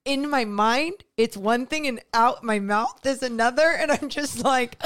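A young woman co-hosts a late-night podcast, exhausted and on the edge of tears. She rambles and halts, searching for words. Her voice stays smooth and clear. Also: on the high side, fairly bright tone. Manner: rambling, halting, emotional. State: exhausted and tearful. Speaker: podcast co-host. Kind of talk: casual late-night chat.

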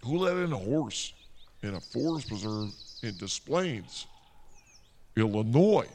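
A man's voice: medium pitch, big pitch swings, takes it slowly, darkish tone, a little hiss or hum. A man hosting a comic show, ranting in exasperation in a forest preserve. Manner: exasperated, rambling rants. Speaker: comedy show host. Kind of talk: comic outdoor monologue.

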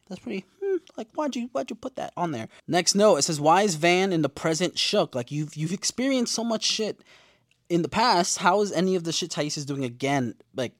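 A man's voice: a little high, no room sound, studio quality. Slangy young man recapping a show. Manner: slangy, profane, animated storytelling. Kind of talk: casual TV episode recap.

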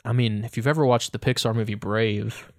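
A young man co-hosting a podcast, chatting casually in an animated, rambling way with lots of restarts. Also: on the low side, fairly quick. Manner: animated, rambling, trying on accents. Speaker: podcast co-host. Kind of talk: casual chat.

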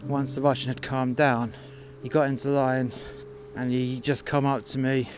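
A man's voice: mid-range voice, flat delivery, normal speed, a little hiss or hum. A man telling a work story in a blunt, mocking, profane way. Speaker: podcast storyteller. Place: outdoors in freezing cold.

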